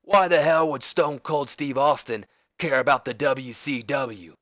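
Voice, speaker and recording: A man voicing a gruff, defiant male wrestling champion who dismissively brushes off a challenger. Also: medium pitch, a little slow, fairly bright tone, dry recording, clean studio sound, natural voice.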